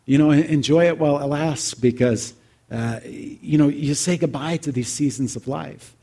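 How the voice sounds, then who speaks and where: A man's voice: on the high side, moderate pace, mellow, husky. A man in his forties telling a heartfelt personal story to an audience in a reflective, conversational way. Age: 40s. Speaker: speaker addressing an audience.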